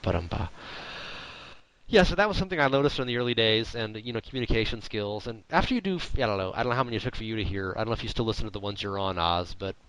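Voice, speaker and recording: Fast-talking sarcastic male podcast host. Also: lowish voice, clear, resonant tone, poor audio. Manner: droll, sarcastic, deadpan wit; rambling, quick asides. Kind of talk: casual chat.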